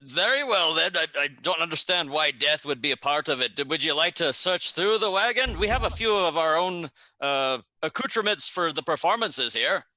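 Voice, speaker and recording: A man's voice: on the high side, animated, normal speed, hardly any pauses, sharp tone, dry recording. A man playing a traveling performer, putting on a poor Garundi accent, overly polite and flowery. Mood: flustered. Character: showman posing as traveling performer Jestil, Reikland.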